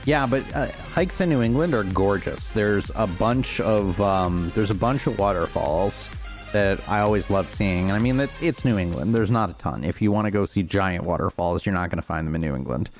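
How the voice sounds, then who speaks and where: Soft music plays behind a young streamer with a deep voice at a moderate pace. He talks casually as he plays, rambling and responding to chat with plenty of fillers.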